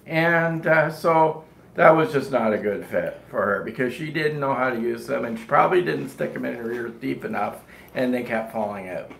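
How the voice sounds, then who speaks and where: A man's voice: medium pitch, animated, moderate pace, fairly bright tone, echoey room. A man co-hosting a live stream, chiming in casually with short additions to the conversation. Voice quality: gravelly. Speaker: co-host of a live quilting show.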